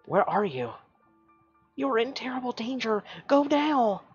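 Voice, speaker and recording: A frightened, pleading mermaid held captive, high and strained, urging the listener to flee, voiced by a reader during a story game playthrough. The sound is dull and lo-fi, with faint music underneath. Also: big pitch swings, a little slow. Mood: urgent pleading. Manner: urgent, fearful warnings.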